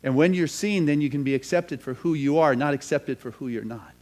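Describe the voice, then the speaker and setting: A male pastor telling a story in a sermon, animated and building to loud emphasis. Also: fairly high pitch, fairly quick.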